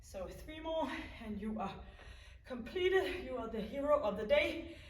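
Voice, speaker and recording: Woman coaching a home workout, high voice, counts down and cheers you on, roomy echo, faint hiss. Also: big pitch swings, unhurried. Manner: encouraging, counts down reps. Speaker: fitness instructor. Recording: echoey room, mic at a distance.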